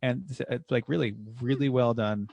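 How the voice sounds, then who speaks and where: Gravelly man telling a track story. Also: medium pitch, normal speed, lo-fi sound. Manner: storytelling, animated when quoting people. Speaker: podcast co-host and driving instructor. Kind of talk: casual chat.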